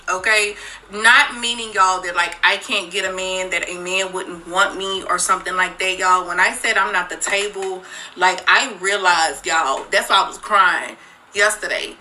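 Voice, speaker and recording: Candid, profane woman, very bright voice. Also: mid-range voice, normal speed, slight background noise, poor audio. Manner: candid, profane, talks straight to viewers. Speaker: single mother, former dancer. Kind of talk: confessional social media video.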